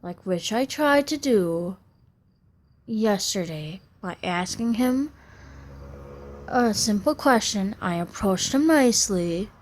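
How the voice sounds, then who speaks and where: A woman's voice: medium pitch, expressive, slow, a little mellow. A woman in her thirties venting in a personal vlog, rambling and aggrieved, restarting her sentences often. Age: 30s. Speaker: vlogger.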